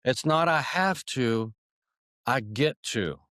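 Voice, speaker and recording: A man's voice: mid-range voice, expressive, slow, a bit bright, dry recording, studio quality. A man speaking as a guest on an interview podcast, earnest and reflective, with small restarts. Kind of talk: conversational interview.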